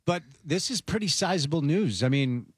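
A man's voice: a little high, lively intonation, normal speed, breathy edge, dry recording, clean studio sound. A man hosting a sports talk show, giving confident, opinionated commentary. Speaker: sports podcast host.

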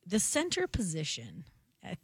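A woman speaking through a cold, her voice hoarse and strained. She talks casually as a guest, stopping and restarting her thoughts. The sound is close and dry, with no room in it. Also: fairly low pitch, huge pitch swings, no room sound. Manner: halting, restarts often. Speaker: guest sports writer. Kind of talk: casual chat.

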